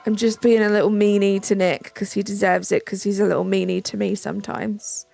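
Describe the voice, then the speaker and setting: A British woman hosts a live stream, chatting casually as she reads out viewers' messages, answers them, and thanks people. Her medium-pitched voice stays fairly flat, moves along quickly, and has a darkish tone with vocal fry. Faint music plays in the background.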